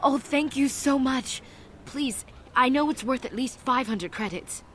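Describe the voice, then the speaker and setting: A man voicing a meek, grateful poor woman in a video game, thanking him in halting, breathless bursts. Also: very high-pitched, sharp tone, a little hiss or hum, voice pushed up, heavily acted.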